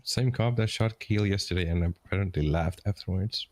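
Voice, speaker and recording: A man chatting in character in a roleplay game, passing on gossip in a halting way. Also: deep voice, a little mellow, no echo. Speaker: fellow roleplay player.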